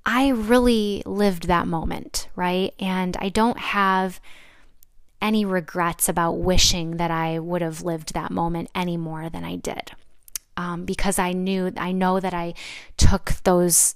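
A woman's voice: lowish voice, flat delivery, measured pace, smooth, no echo, studio quality. A young adult woman hosting a solo podcast, talking in a reflective, chatty way with many fillers and restarts. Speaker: podcast host. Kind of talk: casual solo podcast talk.

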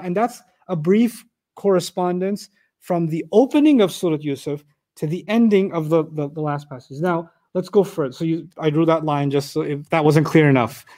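A man teaching a lesson on scripture, animated, asking the audience rhetorical questions and reciting Arabic verses quickly. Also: fairly high pitch. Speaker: Quran teacher. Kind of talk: lecture on scripture.

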